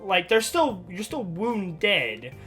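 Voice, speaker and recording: Male reaction host, high and animated, unhurried delivery, casual and profane. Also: soft background music. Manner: excitable, swears freely, frequent laughter. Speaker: anime reaction channel host.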